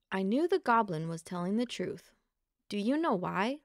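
Slow, gentle woman reading a storybook. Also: mid-range voice, lively intonation, no echo, clean studio sound. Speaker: storybook reader. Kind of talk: children's picture book read-aloud.

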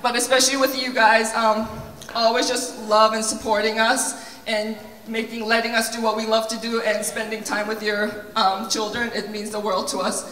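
A woman's voice: on the high side, level tone, normal speed, a bit bright. A woman, a dance teacher, giving an emotional, tearful speech at a recital, reading from notes on her phone. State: choked up. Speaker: dance studio owner and teacher. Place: large auditorium stage. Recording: echoey hall from far off with crowd.

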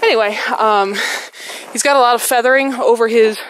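A woman's voice: fairly high pitch, fairly quick, fairly bright tone, slight background noise, rough recording. A woman vlogging while walking her dog on a snowy trail outdoors. She is a little out of breath and keeps praising the dog. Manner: chatty, praises dog often. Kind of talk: casual vlog narration while walking a dog.

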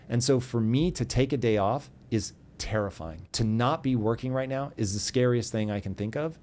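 A man's voice: medium pitch, moderate pace, hardly any pauses, a little mellow. A middle-aged man, a podcast guest, telling a personal story and acting out both sides of an argument. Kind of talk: casual storytelling.

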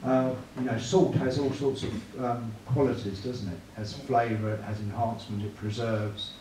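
A man's voice: medium pitch, level tone, normal speed, warm tone. A man giving a church evangelism talk, chatty, often asking the room tag questions. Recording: echoey room, mic far off, clear noise.

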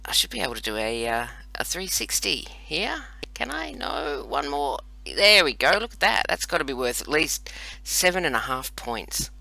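This is chatty gameplay commentary from an Australian host around forty who keeps joking at his own expense. His slightly high voice is very animated, creaky, bright and forceful at a moderate pace, with no room sound.

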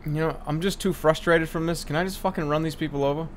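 A man's voice: a little high, steady tone, fast talker, slight background noise. A man giving sarcastic, exasperated let's play commentary, swearing and laughing at a glitchy game. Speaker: gaming commentator.

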